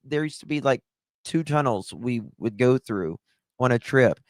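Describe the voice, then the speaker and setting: Slow, halting man on a livestream. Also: mid-range voice, expressive, dry recording. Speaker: livestream host. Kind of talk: emotional true-crime livestream commentary.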